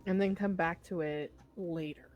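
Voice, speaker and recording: A woman's voice: on the low side, fairly even intonation, normal speed, dull audio, a little hiss or hum. A woman playing in a tabletop game, describing her character's actions casually and a little hesitantly. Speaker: player.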